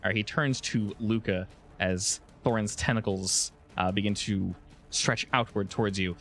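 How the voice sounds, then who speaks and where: A man running a tabletop game as game master, narrating in a relaxed way with frequent restarts. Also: fairly low pitch, moderate pace, soft background music.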